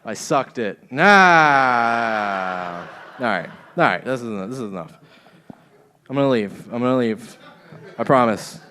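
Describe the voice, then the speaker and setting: A man's voice: medium pitch, expressive, slow, long pauses, pushed and bright. A young man doing a stand-up set in a comedy club, often laughing at his own jokes.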